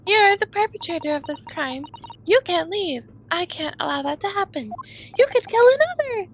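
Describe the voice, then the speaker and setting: A woman's voice: very high voice, normal speed, creaky, a bit bright, a little hiss or hum, exaggerated voice. A woman voicing a polite, formal young female assistant in a game scene. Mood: stern. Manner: formal, courteous.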